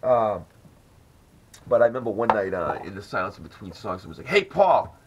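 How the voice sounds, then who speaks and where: A man's voice: fairly low pitch, fairly quick, lo-fi sound, background noise. A man hosting a podcast, telling rambling, profane stories in casual chat. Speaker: podcast host.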